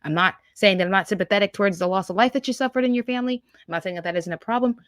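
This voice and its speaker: A woman's voice: mid-range voice, very fast, a bit bright, dry recording, studio quality. A woman hosting a political reaction show, scornful and sarcastic as she talks over clips. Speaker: political commentary host.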